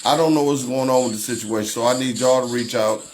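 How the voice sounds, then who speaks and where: A man hosting a laid-back livestream, talking straight to his viewers. His voice sits at a middle pitch and has a loose, chatty feel. Faint music plays behind him. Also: fairly even intonation, fast, a little mellow. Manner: talks straight to viewers by name, loose and conversational. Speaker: livestream host. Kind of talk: casual livestream commentary.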